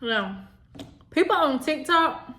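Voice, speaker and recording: Young adult woman vlogger, loose chatty delivery, repeats herself, voice on the higher side. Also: expressive, takes it slowly, a bit bright. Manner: rambling, chatty, repeats herself, says "y'all". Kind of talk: casual chat to camera.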